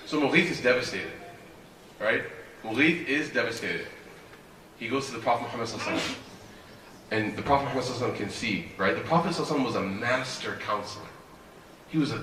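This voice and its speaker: A man's voice: mid-range voice, fairly bright tone. A man giving a sermon as an imam, telling stories animatedly and asking rhetorical questions. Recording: echoey hall, voice from a distance.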